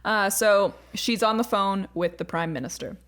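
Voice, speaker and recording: Woman, podcast co-host, casual storyteller, laughs often, relaxed delivery. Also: medium pitch, normal speed. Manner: laughing storyteller, recounting events with playful asides. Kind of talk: casual comedic chat.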